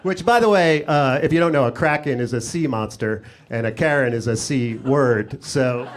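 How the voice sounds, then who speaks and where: A man's voice: medium pitch, moderate pace. A middle-aged man doing a sarcastic stand-up set on a comedy club stage, talking into a handheld mic. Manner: sarcastic, riffing. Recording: noisy live club recording.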